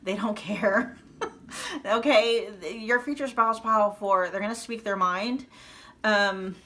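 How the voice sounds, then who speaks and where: A woman's voice: mid-range voice, fairly even intonation, measured pace, fairly bright tone. Chatty Midwestern woman reading tarot. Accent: Midwestern American. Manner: chatty, thinking aloud, many fillers and self-corrections. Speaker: tarot reader. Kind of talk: casual spoken tarot reading to viewers.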